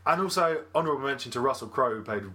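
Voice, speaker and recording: A man co-hosts a casual film podcast, chatty and quick to laugh. His voice is bright and forward, and his pitch sits in the middle range for a man. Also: expressive. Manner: chatty, laughs often, jokey asides. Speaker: podcast co-host. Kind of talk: casual movie chat.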